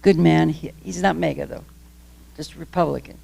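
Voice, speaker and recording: Gravelly older woman, emphatic speaker. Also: low voice, normal speed, dark tone. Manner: emphatic, impassioned, laughs between points; rambling with restarts. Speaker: guest speaker. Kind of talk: public talk, candid personal story.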